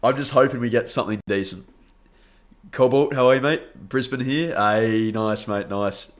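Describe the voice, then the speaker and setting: Late at night on a casual live stream, a young Australian man speaks at normal speed in a mid-range voice. He's cheerful, laughing a lot and calling out viewers by name, if a little tired.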